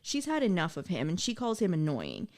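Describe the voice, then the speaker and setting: A woman co-hosting a podcast, recapping episodes in an animated, laugh-filled casual chat. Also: fairly low pitch, brisk. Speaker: podcast co-host.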